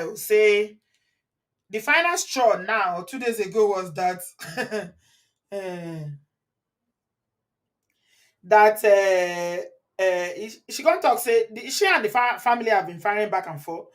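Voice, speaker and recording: Chatty Nigerian woman host. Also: mid-range voice. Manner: chatty, switches into Pidgin and Yoruba, laughs often. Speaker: channel host. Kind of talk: live commentary reading viewer comments.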